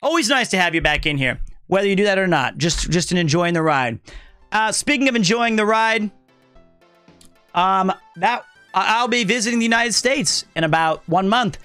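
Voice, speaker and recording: Bright-voiced young male streamer. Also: high-pitched, lively intonation, normal speed, clean tone, no echo, soft background music. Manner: upbeat, thanks viewers, chatty. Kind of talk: casual live-stream chat.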